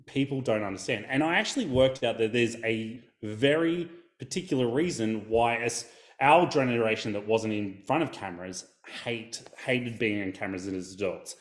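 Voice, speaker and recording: A man talking as a guest in a casual podcast interview, animated and storytelling. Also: medium pitch, moderate pace, roomy sound. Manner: animated, storytelling, acts out quotes. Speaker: guest, video coach.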